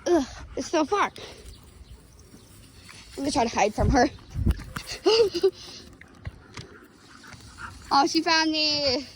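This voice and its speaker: A woman's voice: high voice, lively intonation, takes it slowly, pauses often, poor audio. A woman dog sitting in a backyard, talking playfully to the dog in coaxing baby-talk, filmed on a phone. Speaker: dog sitter vlogger. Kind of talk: casual vlog talking to a dog. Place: backyard outdoors. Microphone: handheld phone. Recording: outdoor phone audio with background noise.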